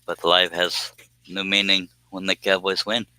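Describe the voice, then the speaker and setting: A man's voice: deep voice, a little slow, clean tone, dry recording, poor audio. A man hosting a live stream, chatting casually and rambling while reading viewer comments aloud, sleepy and yawning. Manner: relaxed, rambling, reads chat comments aloud.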